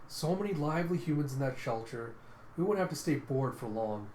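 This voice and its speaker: A man's voice: medium pitch, lively intonation, fairly quick, darkish tone, a little hiss or hum, lightly acted. A man voicing a cruel cyborg villain, smug, archaic speech, comic reading, echoey room. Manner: old-fashioned thou and thee speech.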